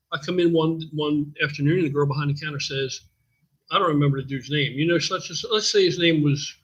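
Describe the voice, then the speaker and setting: A man's voice: fairly high pitch, fairly bright tone, slightly rough, dull audio. A man casually telling a rambling, profane story on a livestream as a gym owner.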